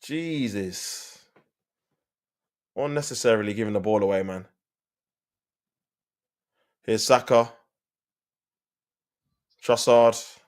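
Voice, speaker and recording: A man with a lowish voice talks viewers through a football match as a live stream host. His commentary is casual and full of slang, and he turns exasperated when his side gives the ball away. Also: slow pace, pauses often.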